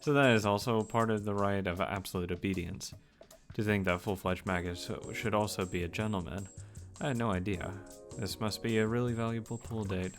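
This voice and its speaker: Gravelly man reading a visual novel aloud. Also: on the low side, steady tone, brisk, faint music behind. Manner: playful, joking commentary between read lines. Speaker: let's play reader.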